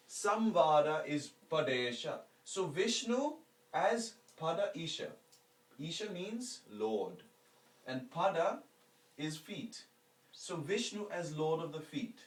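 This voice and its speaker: A male teacher with a somewhat high, animated voice leads a lecture and has listeners repeat his chanting. He unpacks each word slowly and keeps asking rhetorical questions. He sounds distant, in an echoey room. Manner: explains terms slowly, asks rhetorical questions. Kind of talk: spiritual lecture with call-and-response recitation.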